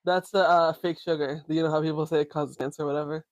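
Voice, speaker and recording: A man co-hosting a podcast, teasing his friend with quick interjections in casual chat. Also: a little high, level tone, no echo. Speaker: podcast co-host.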